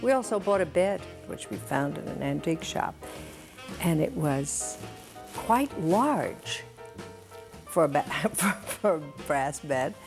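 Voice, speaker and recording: An older woman recalls past years in an interview, chatty and amused. Her voice is very low with a gravelly rasp, and music plays clearly behind her. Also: expressive, takes it slowly. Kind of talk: reminiscing interview.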